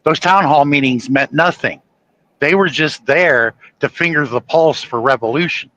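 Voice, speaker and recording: A man's voice: on the high side, normal speed, sharp tone, dull audio. A man from the United States hosting a casual political chat, opinionated and telling stories with quoted exchanges. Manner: opinionated, storytelling with acted quotes. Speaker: podcast host.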